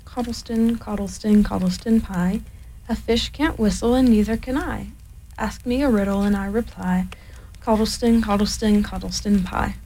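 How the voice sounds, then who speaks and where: A woman voicing a simple, kindly young male bear in a storybook reading, talking in a gentle, innocent, puzzled way. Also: fairly high pitch, very animated, unhurried, vocal fry, heavily acted, low-quality recording. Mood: sing-song.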